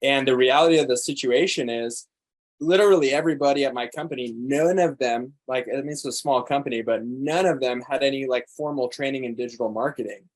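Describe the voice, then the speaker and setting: A man's voice: mid-range voice, a little fast. A man speaking as an interview guest, eager and rambling. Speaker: guest, digital marketer.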